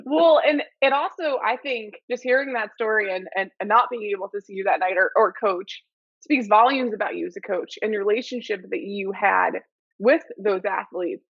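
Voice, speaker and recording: A woman's voice: mid-range voice, no room sound, highs cut off. A woman podcast host in a casual interview, reflecting on the guest's stories and laughing along.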